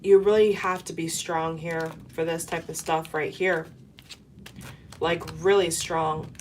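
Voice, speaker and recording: Low-pitched woman reading tarot to camera, earnest and repetitive, light noise underneath. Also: fairly even intonation, measured pace, a little mellow. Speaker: tarot reader.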